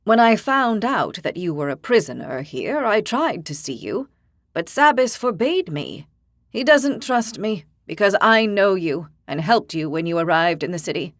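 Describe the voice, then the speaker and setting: A woman narrator voicing a weary, regretful older male interpreter in an audiobook, speaking slowly and gravely. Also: mid-range voice, sing-song, no room sound, clean studio sound. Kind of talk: audiobook character voice.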